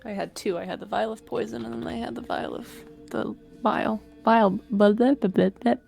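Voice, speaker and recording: A woman's voice: on the high side, moderate pace, vocal fry, faint music behind. A woman playing a tabletop game, talking casually and playfully with the group. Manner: playful, animated. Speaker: player.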